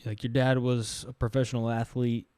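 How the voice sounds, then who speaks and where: A man hosting a casual podcast interview, animated, laughing often and acting out little voices as he talks. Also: medium pitch, normal speed, smooth, no room sound. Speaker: podcast host.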